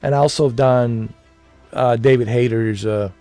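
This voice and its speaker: A man's voice: mid-range voice, steady tone, normal speed, mellow, no room sound, soft background music. A man streaming late at night, chatting in a laid-back, rambling way close to his mic. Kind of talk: casual chat.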